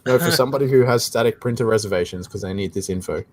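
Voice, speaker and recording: A man's voice: fairly low pitch, very fast, a little mellow. A man with an Australian accent co-hosting a live tech Q&A stream, explaining things casually and often saying "like I said". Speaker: tech support co-host.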